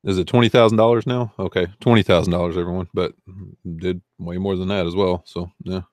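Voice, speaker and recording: A man's voice: low voice, steady tone, fast, a little mellow, no echo, clean studio sound. A man with a Southern US accent hosting a casual livestream, rambling and answering chat comments. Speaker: eBay reseller hosting a livestream.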